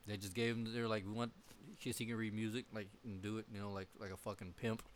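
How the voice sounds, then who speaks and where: A young man in casual chat with friends, swearing often and laughing as he tells animated stories. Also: on the low side, quick pace, slight background noise. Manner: profane, laughing, animated storytelling.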